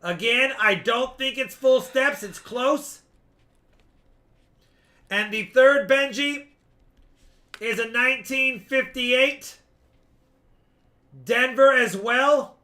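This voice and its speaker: A man hosting a live-stream coin auction, explaining each lot at length with quick asides. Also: very high-pitched, sharp tone. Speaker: coin seller and stream host.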